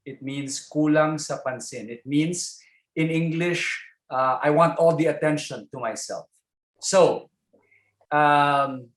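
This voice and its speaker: A man with a Filipino accent giving a chatty keynote speech over a video call, filling pauses and tagging lines with "no?". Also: on the high side, roomy sound, poor audio. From Philippines. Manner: chatty, warm asides, frequent fillers and tag "no?". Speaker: keynote speaker.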